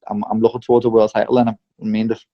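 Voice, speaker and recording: A man's voice: lowish voice, monotone, racing. A young man talks bluntly in an interview, swearing freely and dropping "mate" and "lad" as he goes. The recording sounds slightly dull and lo-fi. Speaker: professional boxer. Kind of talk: candid interview.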